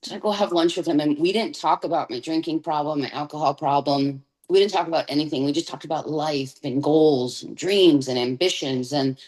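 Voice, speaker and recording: A woman with a notably low-pitched voice speaks as a guest on an interview podcast and gives her personal testimony. She tells it candidly and in vivid detail. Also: a little fast, few pauses, a little mellow, poor audio.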